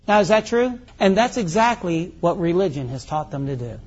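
A man's voice: high voice, sing-song, normal speed, a little mellow, husky. A middle-aged male pastor preaching a folksy, conversational sermon full of rhetorical questions. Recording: muffled lo-fi recording.

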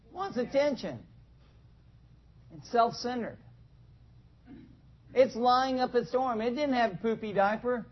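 A man with a very high voice preaches slowly and deliberately to his congregation. He talks to them directly, throws questions at them and acts out small scenes as he goes. The sound is dull and lo-fi. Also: animated. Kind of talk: conversational sermon. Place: church in front of a congregation.

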